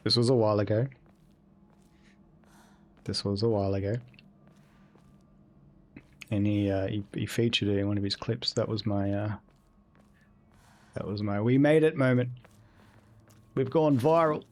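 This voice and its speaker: A man's voice: fairly low pitch, level tone, moderate pace, pauses often, darkish tone. A young man streaming a video game live, chatting casually and rambling, with plenty of swearing. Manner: rambling, profane, laid-back. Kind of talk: casual live-stream chat while gaming.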